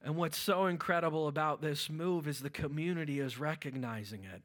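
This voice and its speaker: Male pastor, Pittsburgh accent, high bright voice, energetic sermon, loud exclamations. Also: fairly quick. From Western Pennsylvania. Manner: energetic preaching with shouted exclamations.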